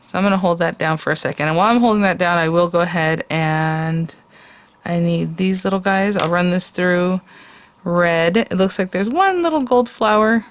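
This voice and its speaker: A woman's voice: on the low side, normal speed. A woman hosting a casual crafting tutorial, chatting and thinking aloud while she works with her hands.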